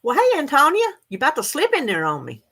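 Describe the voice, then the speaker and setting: Chatty woman with a lively voice. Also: sits high, fast. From United States. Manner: chatty, laughs often, talks straight to viewers. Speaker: livestream host. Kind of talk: casual chat reading viewer comments.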